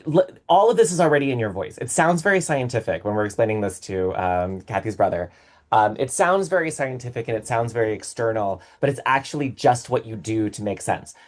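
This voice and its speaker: A man on a podcast, explaining things in a casual, lecturing way with many fillers. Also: mid-range voice. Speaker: podcast co-host.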